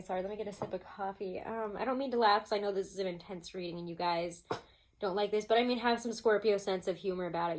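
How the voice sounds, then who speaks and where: A woman giving a casual tarot reading at home, chatty and expressive, laughing often and throwing in mock-exasperated asides. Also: medium pitch. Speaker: tarot reader.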